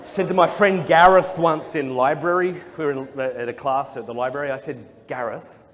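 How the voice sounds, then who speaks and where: Speaking at a moderate pace in a voice on the high side, a young Australian man gives a comedic talk as a Catholic speaker, acting out quoted voices in his funny stories. There's a little hiss or hum, plus long hall reverb and faint crowd sounds.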